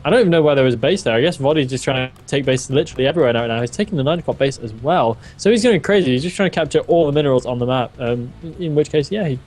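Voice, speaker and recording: A man casting a live strategy game match, excitable and quick to laugh. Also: mid-range voice. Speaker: esports caster.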